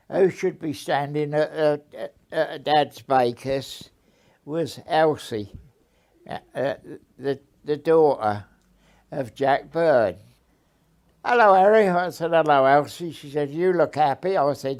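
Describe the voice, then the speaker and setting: A man's voice: fairly high pitch, darkish tone. An older man, recounting his past in an oral history interview and acting out old conversations. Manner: unhurried, repeats himself, acts out old conversations.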